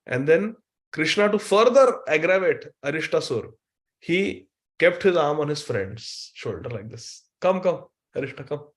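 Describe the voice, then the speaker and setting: A man's voice: on the high side, a little slow. Man chanting verses and telling a story. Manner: chants Sanskrit verses then explains them, animated storytelling with chuckles. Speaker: spiritual teacher. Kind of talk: scripture lecture with storytelling.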